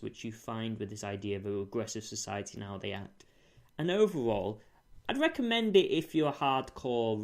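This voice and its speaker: A man reviewing an old TV series in a casual spoken monologue, thoughtful and careful, often correcting himself mid-sentence. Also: mid-range voice. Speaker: TV show reviewer.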